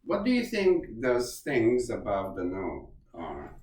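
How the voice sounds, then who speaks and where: Give me a demanding male violin teacher coaching in a slow, lively voice, recorded from far off in a very echoey room. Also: medium pitch. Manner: demanding, direct, gives quick commands. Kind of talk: one-on-one violin lesson coaching. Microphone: far camera.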